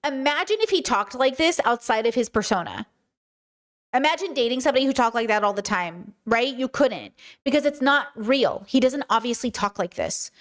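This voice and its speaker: A woman hosting a stream, giving casual commentary in an emphatic, animated way and repeating her points. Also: a little high. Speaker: streamer and podcast host.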